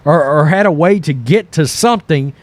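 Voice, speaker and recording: A man hosting political commentary over news clips, animated and mocking, often mimicking the people he quotes. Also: a little high, normal speed, no echo. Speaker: commentary host.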